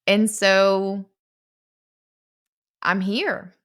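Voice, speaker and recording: Telling her personal story with earnest candor, a young fitness company founder slows down on the emotional beats. She has a medium-pitched, slightly bright voice with fairly even intonation.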